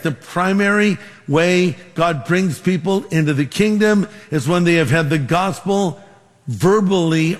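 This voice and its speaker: Male pastor, sermon, lively storytelling, slightly high voice, long hall echo. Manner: storytelling with quoted dialogue, numbered points.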